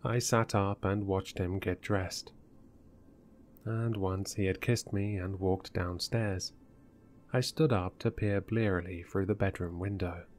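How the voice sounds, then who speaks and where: A man narrating a horror story in a measured, deliberate way. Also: low-pitched, fairly even intonation, darkish tone, a little hiss or hum.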